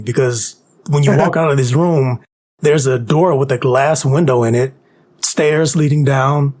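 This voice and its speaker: A man's voice: medium pitch, a little mellow. A man co-hosting a podcast, chatting casually and pointing out small details. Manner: observant, detail-noting. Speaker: podcast co-host. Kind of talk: casual chat.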